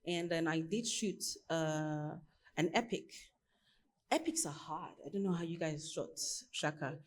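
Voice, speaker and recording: A woman from Nigeria in her thirties, a costume designer answering on a panel as an animated, laughing storyteller. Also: low voice, measured pace.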